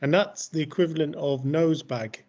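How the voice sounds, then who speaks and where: Chatty host, slightly raised pitch, dull lo-fi call sound. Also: male voice, moderate pace, a little mellow. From Yorkshire, England. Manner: chatty, leading the questions. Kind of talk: casual chat.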